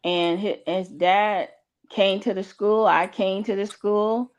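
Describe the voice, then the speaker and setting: A middle-aged woman from Chicago in casual conversation, telling personal stories in halting, self-correcting sentences. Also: medium pitch, fairly even intonation, poor audio. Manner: halting, restarting sentences as she recalls events. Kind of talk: casual storytelling chat.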